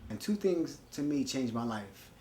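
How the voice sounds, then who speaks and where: A man's voice: mid-range voice, big pitch swings, normal speed, mellow, reverberant. A man telling stories in an interview, laid-back and emphatic. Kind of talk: reflective storytelling.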